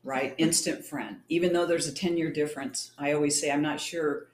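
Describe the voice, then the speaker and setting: Speaking fairly quickly in a low, steady voice, a middle-aged champion cyclist and triathlete from California tells stories as an interview guest. She's chatty and acts out quoted dialogue, and the room gives the audio a noticeable echo.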